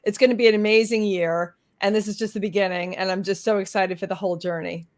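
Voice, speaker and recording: A woman's voice: mid-range voice, fairly even intonation, quick pace. A woman co-author on a video call, bubbly and grateful. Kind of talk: casual livestream chat.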